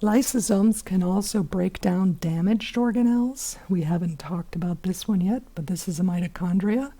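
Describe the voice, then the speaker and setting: A hoarse woman teaching biology in a chatty recorded lesson, with many fillers and whispery asides. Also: on the low side, moderate pace, warm tone.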